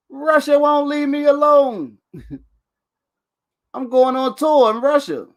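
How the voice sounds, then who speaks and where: A man's voice: very high-pitched, slow. A man hosting a casual chat show, boastful and playful, laughing often and repeating his catchphrases. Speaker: show host.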